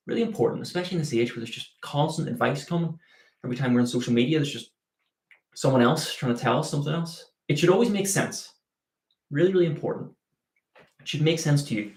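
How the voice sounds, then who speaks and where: A man's voice: a little high, fast, a little mellow, roomy sound. A man, a dog trainer, answering viewer questions in a live Q&A, explaining with everyday analogies and acting out the dog's thoughts.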